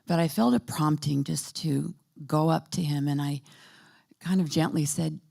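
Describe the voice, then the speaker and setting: A woman in her fifties or sixties giving a personal testimony at a church, halting and soft-spoken, with many pauses and fillers. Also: sits low, fairly even intonation, creaky. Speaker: church panel speaker.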